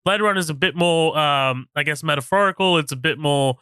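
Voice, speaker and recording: A man's voice: fairly high pitch, brisk, clean tone, no room sound, clean studio sound. A man co-hosting a movie podcast, chatting casually and animatedly, swearing often. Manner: animated, swearing, reads reviews aloud mockingly. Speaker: podcast co-host. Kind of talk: casual chat.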